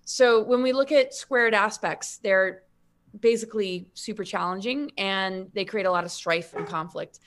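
A woman's voice: mid-range voice, normal speed. A woman guest in casual spiritual conversation, rambling with many restarts and filler words.

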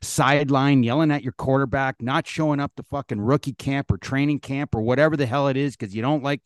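A man's voice: mid-range voice, fairly even intonation, a little fast, dry recording, clean studio sound. A man co-hosting a sports podcast, ranting bluntly and emphatically with plenty of swearing. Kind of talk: casual sports talk.

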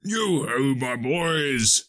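A man's voice: medium pitch, lively intonation, extremely slow, fairly bright tone. A man voicing a jovial, fat old merchant in an audiobook, with a rich, oily voice, calling out heartily.

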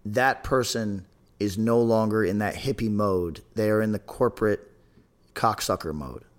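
Rambling, sardonic podcast host. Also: male voice, fairly low pitch, a little slow. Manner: rambling, many restarts, profane and sardonic. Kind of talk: casual podcast chat.

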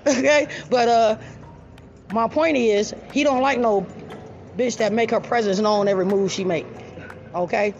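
Loud, blunt woman with a gravelly voice. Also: on the high side, a little slow, long pauses, slight background noise. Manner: loud, blunt and profane, laughing often. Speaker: storyteller addressing an audience. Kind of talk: casual storytelling. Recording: dull lo-fi recording.

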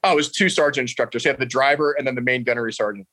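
A young man, telling a story with laughs and shouted quotes of his drill instructors. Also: mid-range voice, rapid-fire, no echo, low-quality recording. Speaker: interview guest. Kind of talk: casual storytelling.

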